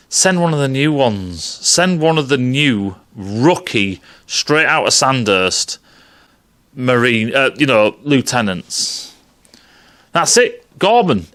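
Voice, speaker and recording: A man's voice: mid-range voice, a bit bright. A man giving a casual, profane, rambling film analysis. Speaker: film commentator.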